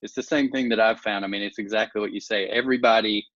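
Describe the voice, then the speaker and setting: A man's voice: on the low side, fairly even intonation, fast, fairly bright tone, dry recording. A man hosting an interview, speaking reflectively and encouragingly in long musing sentences. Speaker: interview host. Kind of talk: casual interview conversation. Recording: dry, dull lo-fi sound.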